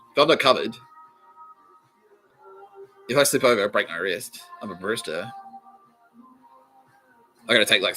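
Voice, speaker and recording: A man's voice: lowish voice, sharp tone. A young Australian man hosting a podcast, telling a profane comic story and acting out the people in it with frequent laughs. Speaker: podcast host. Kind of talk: comedic storytelling monologue.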